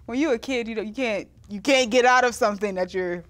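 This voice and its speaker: Young woman, southern US, slightly high voice, casual panel talk, jokey. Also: fast talker. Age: young adult. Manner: animated, laughs often, jokey. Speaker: media intern, panelist.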